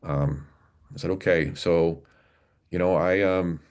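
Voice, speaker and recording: A man in his forties, a podcast guest and former police officer, telling his story in an earnest, halting way with many restarts. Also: low voice, steady tone, a little mellow. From Canada, Alberta. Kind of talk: casual storytelling interview.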